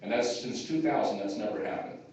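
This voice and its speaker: An animated, fairly quick man with a low, darkish voice, chairman of a taxpayers' group, delivers a rambling, informal speech full of filler words. It was recorded from far off on a phone in the audience, in an echoey hall.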